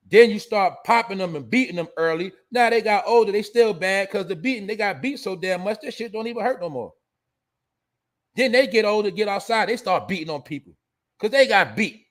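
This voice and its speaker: A show host delivers a casual, profane monologue, lecturing his audience. His voice runs high for a man, and his delivery is blunt and preachy.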